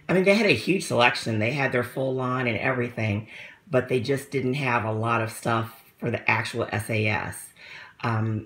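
Chatty woman, a bit breathless. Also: very deep voice. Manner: rambling, chatty, with many fillers. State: slightly out of breath. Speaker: vlogger. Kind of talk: casual haul review.

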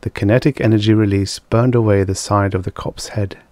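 Male audiobook reader, deep and unhurried, measured and dramatic, dry close recording. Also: steady tone, a little mellow, no echo. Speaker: audiobook narrator. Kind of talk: scripted narration of vintage science fiction.

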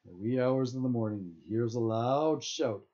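A man's voice: mid-range voice, normal speed, warm tone. A man reading his own novel aloud, stumbling now and then and correcting himself mid-sentence. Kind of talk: audiobook-style reading of own fiction. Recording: dull lo-fi recording.

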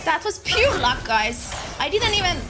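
A woman's voice: very high-pitched, big pitch swings, normal speed. A woman streamer giving let's-play commentary, reacting emotionally and swearing at the characters. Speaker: gaming streamer. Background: loud game audio and music.

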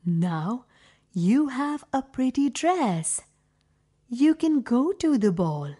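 A woman voicing a kind, gentle fairy who speaks in a calm and reassuring way. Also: on the high side, slow pace, slightly rough, full character voice.

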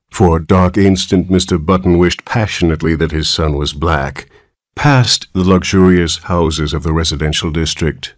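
A man narrating a story slowly and clearly for English learners. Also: low voice, no echo, studio quality. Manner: slow, clear, expressive reading.

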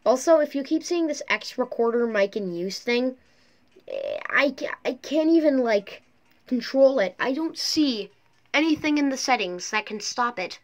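A woman's voice: sits high, expressive, normal speed. Talkative woman rambling thru a mobile game on her phone mic. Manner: talkative, rambling, self-described chatterbox. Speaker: mobile gaming YouTuber. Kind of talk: chatty gameplay commentary. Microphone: phone mic through a screen recorder.

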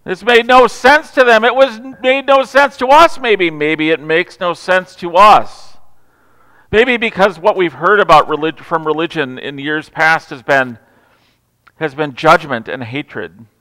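Male pastor, fairly high and crisp, storytelling sermon with humor, in a church hall with long reverb. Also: measured pace. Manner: storytelling with humor, swings from loud to hushed. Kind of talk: Christmas Eve sermon. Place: large church sanctuary.

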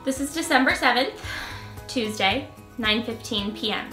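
Late-20s woman vlogger, giggly and chatty, reading an old diary aloud; bright tone in an echoey room. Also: a little high, expressive, normal speed, soft background music. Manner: giggly, laughs between lines.

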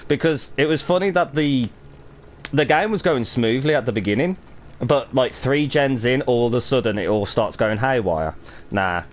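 A young man giving excitable live gameplay commentary, swearing freely and calling out to his teammates. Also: medium pitch, normal speed, low-quality recording. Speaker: gaming video creator.

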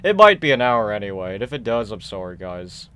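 A young man casually commenting on a horror game he is playing, rambling, excitable and self-deprecating. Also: on the low side, fairly quick, a little hiss or hum. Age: young adult. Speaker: gaming channel host. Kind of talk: casual let's-play commentary.

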